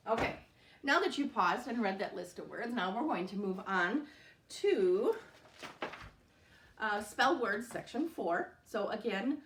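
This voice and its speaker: Woman in her thirties, patient spelling teacher; slow, clear, step-by-step delivery; roomy echo, recorded at a distance. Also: medium pitch, expressive, a bit bright, a little hiss or hum. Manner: slow, patient, sounds out words letter by letter. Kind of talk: recorded remote spelling lesson. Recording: echoey room, voice off-mic.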